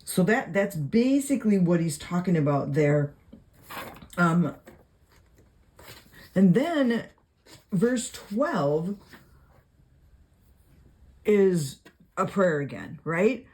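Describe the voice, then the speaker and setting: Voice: medium pitch, big pitch swings, drawn-out words, pauses often, a little mellow. A Bible study teacher in a casual video lesson, reading verses aloud and explaining them in a conversational way with many fillers while writing notes. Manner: writes notes while talking.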